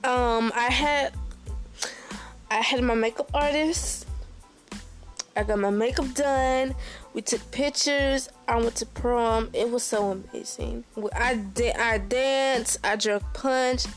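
A young woman giving a casual personal update, full of halting restarts and repeated exclamations. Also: fairly high pitch, fairly even intonation, soft background music. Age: young adult. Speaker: recent high school graduate.

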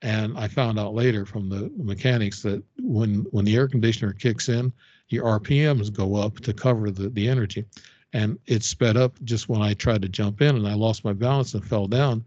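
An older man, a podcast guest and author, telling a personal story in a halting, rambling way with many fillers and restarts. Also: fairly low pitch, a little mellow, no room sound. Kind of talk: casual storytelling interview. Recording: dull, dry lo-fi audio.

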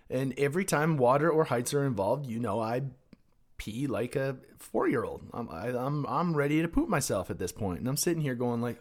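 A man, a podcast guest, telling a personal story in a casual, animated, profane way, swinging between hushed and loud. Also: medium pitch, a little fast.

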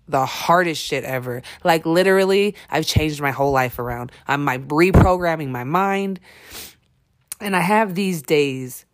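Blunt, halting woman podcaster. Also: low voice. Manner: blunt and emphatic, with frequent swearing; halting, with many fillers and restarts. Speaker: podcast host. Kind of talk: candid personal podcast monologue.

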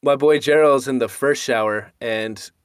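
A man's voice: medium pitch, measured pace, clear, resonant tone, no echo, clean studio sound. A young man co-hosting a casual podcast, telling rowdy stories with lots of laughing. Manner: laughing, animated storyteller. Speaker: podcast co-host. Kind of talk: casual chat, storytelling.

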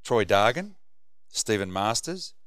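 A middle-aged Australian man, a former rugby league player, co-hosting a casual sports chat and telling quick anecdotes. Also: on the low side, sing-song, a bit bright, dry recording, studio quality. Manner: yarn-spinning, quick anecdotes.

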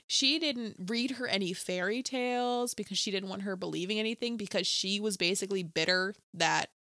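Bright animated young woman, dry sound. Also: mid-range voice, brisk, no room sound. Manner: animated, acts out quotes. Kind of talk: casual movie review chat.

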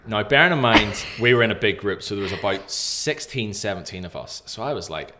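Animated young man, low voice. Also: brisk, background noise. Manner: animated storyteller, often acting out other people's lines. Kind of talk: casual podcast chat.

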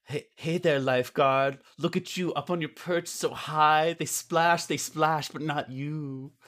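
A man putting on the voice of a creepy male photographer with a made-up vaguely foreign accent, high and fawning. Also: steady tone, measured pace. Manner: high, loud, fawning sing-song. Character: creepy middle-aged male photographer directing a shoot.

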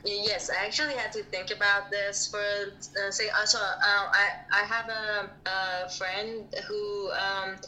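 A woman guest on a podcast, telling stories in a lively, blunt way and acting out what others said. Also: mid-range voice, unhurried, hardly any pauses, slight background noise, low-quality recording. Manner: animated, acts out quotes, blunt. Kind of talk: casual storytelling in an interview.

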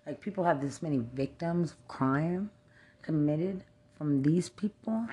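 Low, slow-talking angry woman. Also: dark tone. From Texas. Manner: angry, cursing, jumping between thoughts. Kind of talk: profane rambling rant to camera.

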